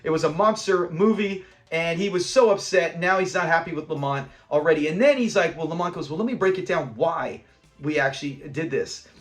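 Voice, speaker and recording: A man's voice: on the high side, fairly quick, faint music behind. A man hosting a casual episode review, enthusiastic and rambling into side notes while acting out the lines. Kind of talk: casual chat.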